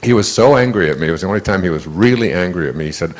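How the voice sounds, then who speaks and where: A man giving a motivational talk in a conversational, animated way. He tells personal stories, acts out the voices he quotes, and often restarts his sentences. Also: sits low, rapid-fire, few pauses. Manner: frequent restarts and stammered repeats. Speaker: inspirational speaker.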